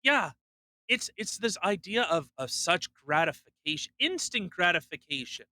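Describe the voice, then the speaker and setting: High bright-voiced man ranting bluntly. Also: sing-song, measured pace, no echo. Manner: blunt, swearing, mocking impressions. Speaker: podcast co-host. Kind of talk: casual opinionated chat.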